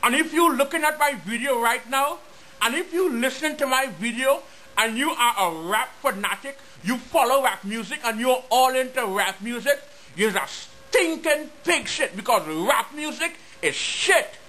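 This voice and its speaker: A man's voice: extremely high pitch, lively intonation, normal speed, pushed and bright. A man delivering a mocking, exaggerated comedic rant to his viewers. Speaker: comedy vlogger.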